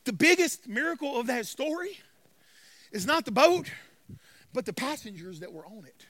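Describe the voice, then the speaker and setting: A man's voice: very high voice, sing-song, moderate pace, fairly bright tone, no echo. A man preaching a sermon as pastor, emphatic, calling out for amens from the congregation. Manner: emphatic, call-and-response.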